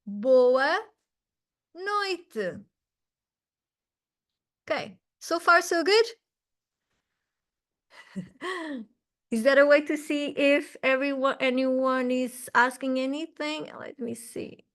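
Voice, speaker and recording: A woman's voice: high voice, slow pace, long pauses, a bit bright. A woman, teaching a language class over a video call, patient and encouraging, often checking in with "okay?". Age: 40s. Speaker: Portuguese teacher.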